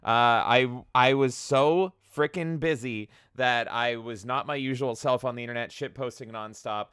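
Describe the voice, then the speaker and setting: Hyped up dude hosting a gaming podcast, swears a lot, bright voice, super dry mic. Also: male voice, mid-range voice, clear, resonant tone, no room sound. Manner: excitable, swears, rapid exclamations. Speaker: podcast co-host. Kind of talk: energetic casual chat.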